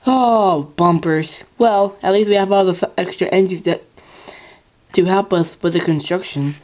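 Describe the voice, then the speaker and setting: A woman voicing a cheerful young male tank engine in a home toy-train story, with excited, squeaky exclamations. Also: normal speed, highs cut off, lightly acted. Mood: eager.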